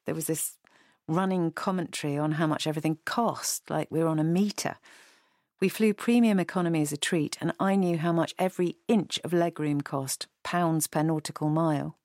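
A woman's voice: deep voice, a little mellow, no room sound, studio quality. A woman reading a first-person novel passage as an audiobook narrator, in a wry, conversational way.

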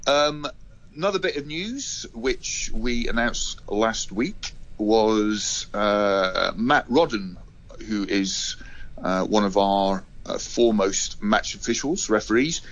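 A man's voice: fairly low pitch, animated, takes it slowly, a bit bright. Man, casual radio chat, lots of ums and restarts, slightly dull sound. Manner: hesitant, many fillers and restarts. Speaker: rugby union spokesman.

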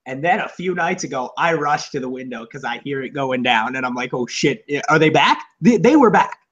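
A man co-hosting a podcast, chatting casually in a rambling, profane way and acting out loud shouted quotes. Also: mid-range voice, lively intonation, a little fast, muffled recording. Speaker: podcast co-host. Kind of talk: casual comedic chat. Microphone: on camera, seated.

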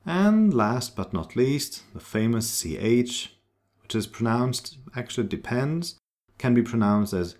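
A man teaching pronunciation, saying example words slowly and repeating each sound. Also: medium pitch, expressive, darkish tone. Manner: slow, demonstrative, repeating sounds. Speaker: German teacher. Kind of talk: pronunciation lesson.

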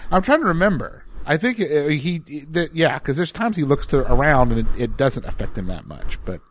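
A man's voice: a little high, very animated, moderate pace, a little hiss or hum. A man co-hosting a casual podcast chat, chuckling often as he talks. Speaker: podcast co-host.

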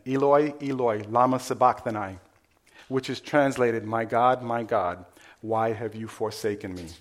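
A man, a pastor, preaching a sermon in church and talking with the congregation in a conversational way, asking them questions as he goes. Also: medium pitch.

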